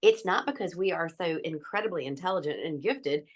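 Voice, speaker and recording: A woman's voice: on the low side, expressive, brisk. A woman doctor speaking as a guest in an interview, candid and emphatic, laughing easily. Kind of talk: conversational interview.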